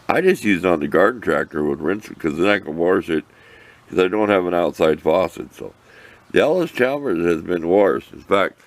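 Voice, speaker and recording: A man's voice: low voice, no echo. An older man vlogging outdoors by his shop, talking to the camera in a folksy, rambling way, sometimes answering himself. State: out of breath. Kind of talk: casual outdoor chat to camera.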